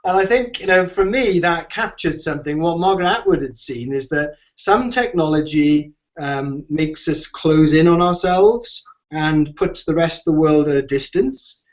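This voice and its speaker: A man's voice: fairly high pitch, normal speed. A man answering questions in an online discussion, talking in a rambling way with many restarts and fillers. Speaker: guest expert on design. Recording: muffled lo-fi audio.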